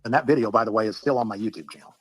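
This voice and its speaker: A man's voice: fairly low pitch, rapid-fire, breathy edge, no echo, low-quality recording. A man in a played clip, telling his story casually with lots of fillers. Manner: rambling, full of fillers. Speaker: interviewee in a clip.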